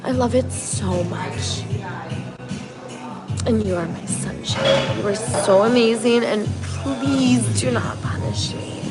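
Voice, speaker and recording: Woman doing her own mom, slow earnest pleading therapy talk, plain normal voice, music behind. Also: fairly high pitch. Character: earnest mother pleading with her grown daughter.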